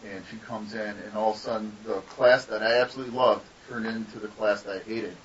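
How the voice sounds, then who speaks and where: A man with a lowish, bright, forceful voice tells long, loose stories in a casual interview. His talk is rambling and sprinkled with swearing. He sits away from the mic on a dull lo-fi recording with a faint hiss. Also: steady tone, fast, recorded from a distance. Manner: rambling, profane storytelling. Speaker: guest artist.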